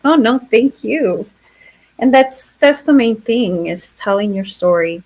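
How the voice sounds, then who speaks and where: A woman hosting a livestream conversation on a video call, affirming her guest in a warm, encouraging way. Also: a little high, lively intonation, slow pace, poor audio. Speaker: livestream host.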